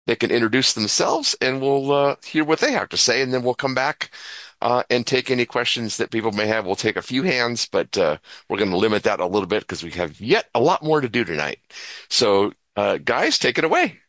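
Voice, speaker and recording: A man hosting an event and handing over to presenters, halting with many fillers. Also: medium pitch, big pitch swings, a bit bright, dry recording. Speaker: event host.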